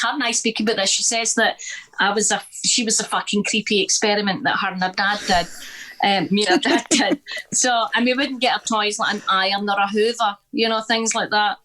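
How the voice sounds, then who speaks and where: A middle-aged woman with a Scottish accent, a guest telling stories in an interview in a blunt, sweary, animated way, acting out the people she quotes. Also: mid-range voice, fairly quick. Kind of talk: candid conversational storytelling.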